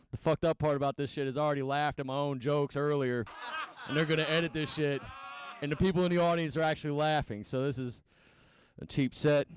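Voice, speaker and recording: A male stand-up comedian first answers interview questions, then performs a rambling, profane, self-deprecating set at a small comedy venue, using a handheld stage mic. His voice runs on the high side, with a little hiss or hum.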